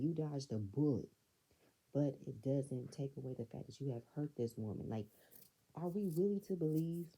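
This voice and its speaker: A woman's voice: low-pitched, warm tone, slightly rough, rough recording. A woman hosting her own channel, giving a chatty, opinionated review of a reality show in a casual commentary style, full of "like" and "you know.".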